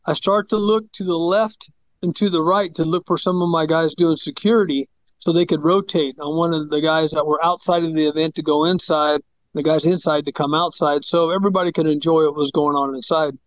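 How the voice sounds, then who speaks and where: A man's voice: on the high side, steady tone, brisk, dry recording, highs cut off. A middle-aged man, a pastor, telling a personal story in a rambling, casual way, correcting himself and acting out the voices he quotes.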